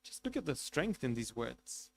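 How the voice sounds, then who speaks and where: A man preaching a sermon, telling a story with passion, swinging between loud emphasis and quiet asides, and reciting Arabic quickly before translating it. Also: mid-range voice, sing-song, gravelly, a little hiss or hum. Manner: recites Arabic passages rapidly, then translates. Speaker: sheikh preaching at a mourning gathering.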